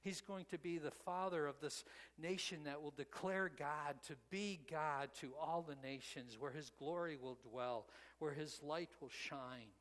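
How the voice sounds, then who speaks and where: A man's voice: a little high, unhurried, a bit bright, long reverb tail, poor audio. A man preaching a sermon, retelling the story in a conversational way with frequent "you know" asides. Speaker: pastor.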